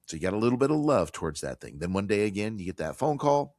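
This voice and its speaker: A man hosting a financial talk show, chatting in a lively way and acting out little quoted exchanges between landlords and tenants. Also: sits low, fast, no room sound, studio quality. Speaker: radio show host.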